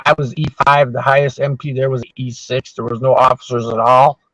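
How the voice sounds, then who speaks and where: A man's voice: mid-range voice, little pitch movement, fairly quick, fairly bright tone, no room sound. A man in his sixties telling long, swear-filled anecdotes in casual chat as a podcast host. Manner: profane, rambling anecdotes. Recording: dull, dry sound.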